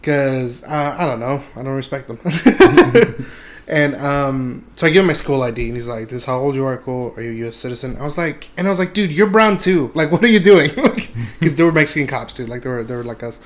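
A man's voice: medium pitch, expressive, brisk. A young man telling a casual, rambling story, laughing often and swearing freely. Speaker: podcast host.

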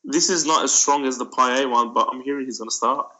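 A man's voice: medium pitch, fairly quick, pushed and bright, highs cut off. A man co-hosting a casual sports podcast, teasing his co-host and passing on team news. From Australia.

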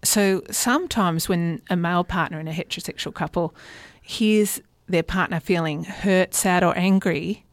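A woman, a relationships therapist, guest on a radio show, explaining calmly with practical examples. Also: lowish voice, moderate pace, few pauses, no echo. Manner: warm, explanatory, gives practical examples with acted-out quotes.

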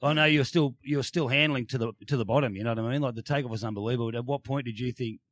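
A man's voice: medium pitch, steady tone, fairly bright tone, no echo. A man co-hosting a studio show, firing off eager questions. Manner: eager, quick-fire questions. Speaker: show co-host. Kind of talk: casual interview hosting.

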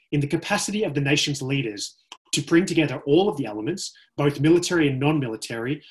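A man co-hosting a casual podcast, explaining at length and reading definitions aloud. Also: fairly high pitch. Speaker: podcast co-host.

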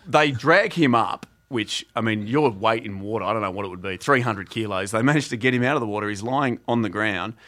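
A man with an Australian accent, a podcast guest telling stories in a casual, animated way and laughing often. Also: lowish voice, fairly quick, few pauses. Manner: animated storyteller who acts out quotes and laughs often. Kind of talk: casual storytelling chat.

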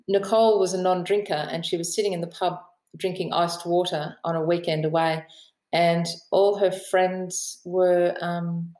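A woman's voice: lowish voice, a little mellow, reverberant, low-quality recording. A woman author with an Australian accent, telling stories in a podcast interview, chatty and laughing often. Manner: chatty storyteller, laughs often, mimics the people she quotes. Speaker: author and aviation writer, guest.

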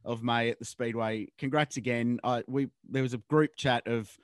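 A man's voice: mid-range voice, fairly even intonation, moderate pace, dry recording. Australian male interviewer, dry sound. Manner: friendly, uses "mate". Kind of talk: casual interview chat.

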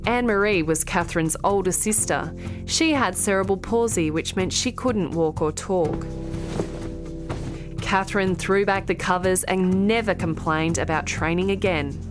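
Female story narrator, mid voice, expressive, music clearly underneath. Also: lowish voice, normal speed.

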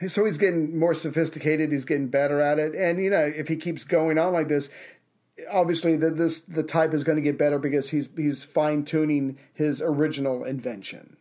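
A man co-hosts a relaxed podcast, reacting fast and tossing in playful remarks. His voice sits a little higher than most men's. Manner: quick reactions, playful quips. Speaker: podcast co-host. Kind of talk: casual podcast chat.

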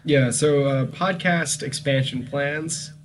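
Young guy cohosting, slightly higher voice, wry and easygoing, laughs a lot. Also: slow pace, a little hiss or hum. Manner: laughs along, wry short replies. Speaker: podcast co-host. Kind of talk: casual comedic chat.

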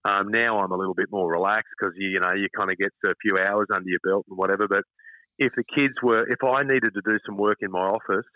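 A middle-aged man with an Australian accent, telling casual stories as an interview guest, animated and calling the listener mate. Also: fairly low pitch, fast talker, dry recording. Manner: chatty, animated anecdotes, calls listener mate. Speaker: radio host, interview guest. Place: outdoors at front of his house. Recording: dull lo-fi dry line.

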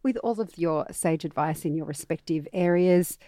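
A woman's voice: deep voice, normal speed, warm tone, a little hiss or hum. A woman with an Australian accent hosting a casual podcast chat, laughing often and joking. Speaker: podcast host.

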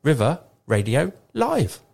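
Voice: mid-range voice, takes it slowly, gravelly, breathy edge. A radio co-host, chatting casually and joking through the banter. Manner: jokey, chatty, lively banter.

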